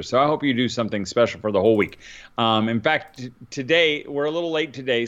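This northern Indiana dad co-hosts a podcast, sounding weary and middle-aged as he wanders through relaxed talk packed with filler words. His pitch is medium and slightly bright, captured on a dull, lo-fi recording.

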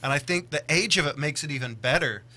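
Brief: man, podcast host, very bright tone, keen, asks questions, slightly high voice. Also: fast. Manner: enthusiastic, steers talk with questions. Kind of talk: casual movie discussion.

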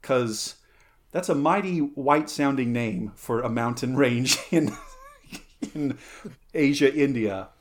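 A man's voice: medium pitch, takes it slowly, slight background noise. A man hosting a casual podcast chat, playful and rambling, with lots of fillers, self-corrections and side tangents. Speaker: podcast host.

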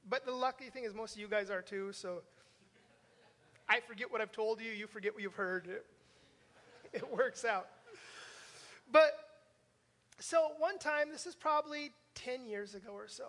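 An older male pastor addresses his congregation directly in a church sanctuary, telling stories in an earnest, conversational sermon. His high-pitched, fairly bright voice moves at normal speed and pauses often, with the long reverb of a church hall around it.

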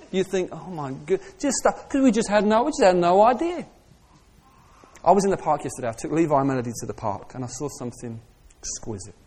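A middle-aged man preaching a sermon, moving between soft reflective asides and raised, passionate calls. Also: a little high, breathy edge.

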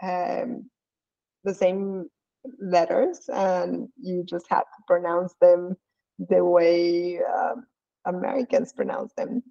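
Co-host wanita beraksen Prancis, suara hangat, audio agak teredam, santai dan penuh jeda ragu. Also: female voice, fairly low pitch, monotone, slow, vocal fry, dark tone, dull audio. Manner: laughs often, hesitant fillers. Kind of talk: casual comedic chat.

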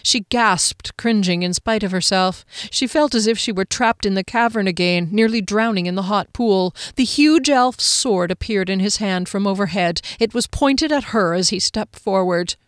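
A woman narrating a fantasy novel aloud with an expressive, dramatic reading. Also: mid-range voice, normal speed, few pauses, clean tone, no echo, studio quality. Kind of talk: audiobook narration.

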